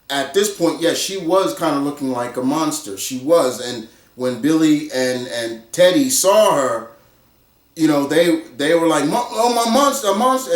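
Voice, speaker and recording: A man giving a casual spoken film review, excitable and repetitive, acting out his own reactions. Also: a little high, roomy sound, far from the mic. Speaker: movie reviewer.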